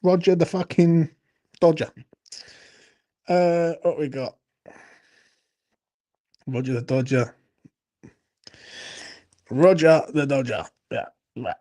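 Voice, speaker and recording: Hosting a late-night fan Q&A live, a tipsy man swears, rants and trades laughing banter with viewers. His voice is a little high with a dark tone, and he takes it slowly with long pauses.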